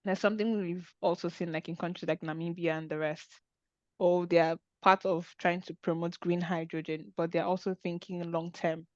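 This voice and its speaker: Woman, webinar host, low voice, flat delivery, dull muffled video call audio, dry. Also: moderate pace, no echo. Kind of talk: online webinar discussion.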